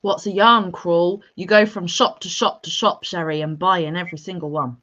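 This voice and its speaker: A woman with a lilt hosts a casual livestream, joking and teasing as she reads viewer comments. Her voice sits a little low, and the stream audio sounds dull and lo-fi. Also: steady tone, moderate pace, a bit bright. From England. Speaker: livestream host. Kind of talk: casual chat.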